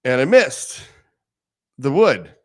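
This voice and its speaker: A man's voice: medium pitch, sing-song, takes it slowly. A man hosting a podcast, swearing a lot and laughing through his stories in casual chat. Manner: profane, loud storytelling with frequent laughter. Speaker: podcast host.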